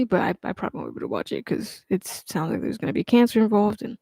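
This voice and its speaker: Soft, rambling young man streaming. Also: high-pitched, brisk, no echo. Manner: rambling and hesitant, many fillers and restarts; casual swearing. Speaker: livestreamer. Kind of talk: casual livestream chat.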